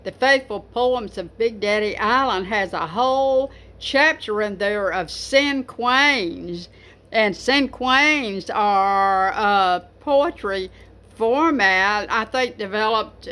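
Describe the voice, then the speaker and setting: A woman's voice: medium pitch, slow pace, pushed and bright. A woman talking casually to camera about writing poetry, rambling with many fillers and restarts. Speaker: poetry vlogger.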